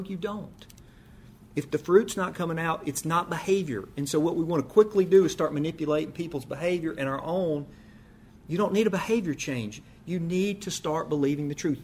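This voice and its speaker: A man's voice: on the high side, fairly quick, a little mellow, a little hiss or hum. Emphatic man teaching a sermon class. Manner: emphatic, conversational, acts out quoted voices.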